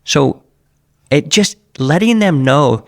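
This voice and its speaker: A man's voice: a little high, lively intonation, slow pace, vocal fry. A man hosting a podcast, speaking directly and in a coaching tone. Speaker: podcast host. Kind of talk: casual podcast chat.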